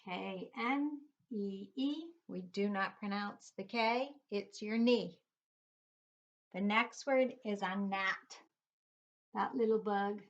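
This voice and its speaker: A woman's voice: mid-range voice, slow pace. A middle-aged woman teaching a phonics lesson to young children, patiently spelling words out letter by letter. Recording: dull lo-fi recording.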